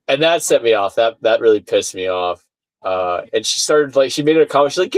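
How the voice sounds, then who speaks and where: A man chatting casually on a video call, telling a rant story with swearing and acted-out shouted quotes. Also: medium pitch, expressive, brisk, dry recording, poor audio. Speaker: podcast guest. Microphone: video call mic, sounds far away.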